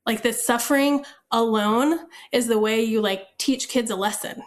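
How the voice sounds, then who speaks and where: A woman with a slightly higher voice speaks as a podcast guest, frank and blunt. She talks casually and leans hard on her points. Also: normal speed. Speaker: podcast guest, parenting coach.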